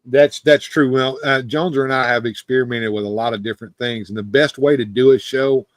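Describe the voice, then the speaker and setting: A man's voice: mid-range voice, steady tone, brisk, no room sound. A man hosting a loose, unscripted chat show, talking in a rambling way with many restarts. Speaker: host. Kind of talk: casual chat.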